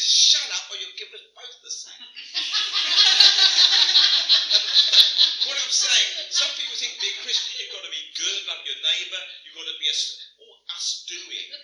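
A man's voice: high voice, pushed and bright, recorded from a distance. An older man preaching a sermon in a church, chatty and storytelling, stammering and chuckling as he reads and tells stories. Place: church hall. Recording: echoey church hall from afar, faint hum.

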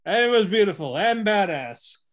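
A man casually recapping an anime episode, excitable, acting out the characters' lines and laughing often. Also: high voice, moderate pace. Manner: excitable storytelling, acts out quotes, laughs often. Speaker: podcast co-host reviewing an anime. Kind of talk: casual chat.

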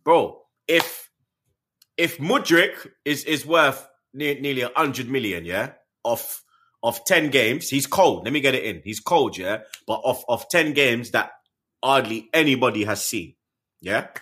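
A man's voice: mid-range voice, measured pace. A young man, chatting about football with slang and jokes. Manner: animated, slangy, jokes and does voices. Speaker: football podcast co-host. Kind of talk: casual chat.

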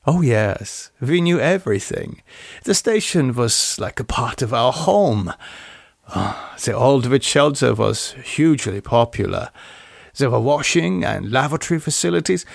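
A man's voice: a little high, creaky, dry recording, clean studio sound. A man voicing a German woman singer who reminisces about her past in a wistful, storytelling way. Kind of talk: audiobook character voice.

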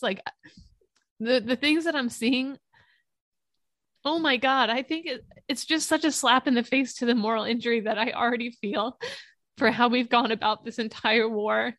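Young woman co-host, earnest and impassioned, pitched a bit high, dry close sound. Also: normal speed, fairly bright tone, dry recording. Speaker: podcast co-host. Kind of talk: casual political discussion.

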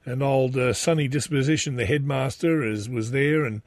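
A man's voice: mid-range voice, moderate pace, dry recording. A middle-aged man with an Australian accent hosting a podcast, telling stories in a rambling, chatty and sardonic way, with many asides. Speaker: podcast host. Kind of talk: casual monologue podcast.

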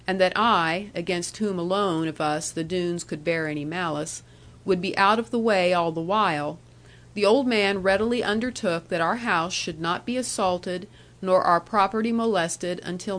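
A woman narrating a classic novel as an audiobook, in a measured storytelling voice. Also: on the low side, fairly bright tone. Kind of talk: reading a classic novel aloud.

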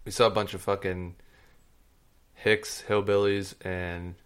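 Man, American accent, deep low voice, blunt, curses a lot, casual podcast. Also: flat delivery, a little slow, a bit bright, clean tone. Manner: blunt, heavy swearing. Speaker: podcast co-host.

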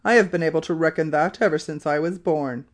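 Reader doing a testy old professor, loud and impatient, at a normal pitch. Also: a little fast, close to an everyday voice. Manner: fierce and impatient. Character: irritable proud old male professor. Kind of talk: audiobook character reading.

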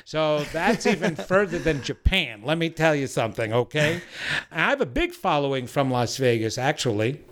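A man's voice: a little high, sing-song, normal speed, a bit bright. A man speaking as a podcast guest who offers personal readings, giving an emphatic, blunt motivational talk.

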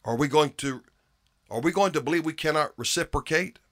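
A man's voice: a little high, a little fast, a bit bright. A man preaching a sermon in an earnest way, often repeating phrases and restarting his words for emphasis.

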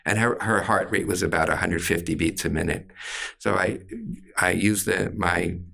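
Deep gravelly older man telling a story. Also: fairly even intonation, sharp tone. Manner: slow, deliberate storytelling. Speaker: therapist and author. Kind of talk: storytelling in an interview.

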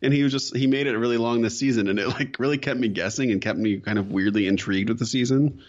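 A man's voice: mid-range voice, fast talker, a little mellow. Podcast co-host, man, dry delivery, muffled lo-fi sound. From United States. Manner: dry, reads listener reviews aloud. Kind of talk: casual podcast chat.

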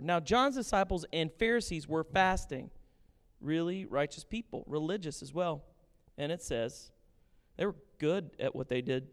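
A male pastor delivering a sermon in a slightly higher voice, animated and lively, dropping low for asides and rising for acted-out quotes. His voice carries a long reverb from a large hall. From grew up on a farm. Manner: animated, swings from quiet to loud in acted-out quotes.

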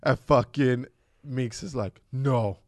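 Man in his own voice, casual podcast co-host, mid pitch, dry close sound, swears and slips into his kids' voices while telling stories. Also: normal speed, no room sound. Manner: animated storyteller, swears a lot, acts out his kids' voices. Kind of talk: casual chat.

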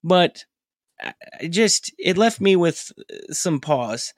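A man co-hosting a casual podcast, telling stories with animated, self-mocking energy. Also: high voice, takes it slowly, dry recording, clean studio sound. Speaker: podcast co-host. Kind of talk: casual chat.

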